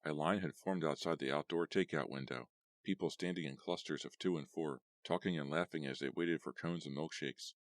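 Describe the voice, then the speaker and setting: A man narrating a horror audiobook in a steady storytelling read. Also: a bass voice, brisk, no echo. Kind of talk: scripted narration.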